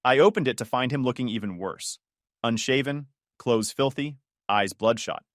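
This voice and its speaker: A man reading a first-person story in a flat, measured way. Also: medium pitch, no room sound, clean studio sound. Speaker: narrator.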